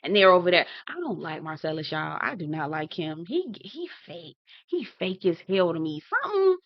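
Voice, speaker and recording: A woman's voice: fairly low pitch, moderate pace, no room sound, lo-fi sound. Sassy, profane woman recapping reality TV. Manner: sassy, blunt, profane, animated. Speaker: TV recap host.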